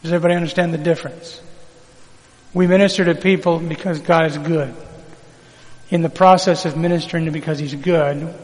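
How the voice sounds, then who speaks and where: A man's voice: a little high, steady tone, brisk, darkish tone, long reverb tail, poor audio. A man preaching a sermon, reading scripture aloud and drawing call-and-response from the congregation.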